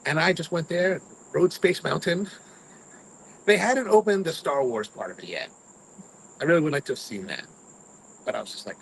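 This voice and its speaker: Animated man chatting, rambling stories. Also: fairly high pitch, moderate pace, creaky, long pauses, slight background noise, rough recording. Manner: rambling storyteller, mimics his own grumbling. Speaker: cigar review host. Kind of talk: casual chat to live viewers.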